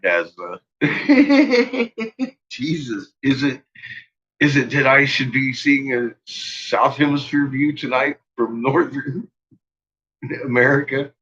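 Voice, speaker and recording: A man with a husky, strained, forceful voice rants on a casual livestream. He swears freely and laughs often, jumping from low mutters to loud shouting. The sound is dull and lo-fi. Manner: profane, laughs often between lines. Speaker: livestream host.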